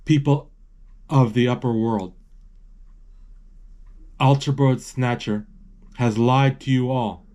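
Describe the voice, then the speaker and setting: A man reading out a young girl's earnest speech to a crowd, deliberate and pleading, in his own slow voice. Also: medium pitch, fairly even intonation, darkish tone, lightly acted.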